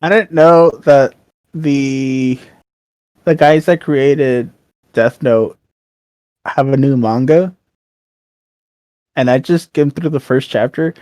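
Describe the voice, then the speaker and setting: A young man co-hosting a podcast in casual chat, relaxed and recapping stories with fillers. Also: medium pitch, slow, long pauses, smooth, dry recording. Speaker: podcast co-host.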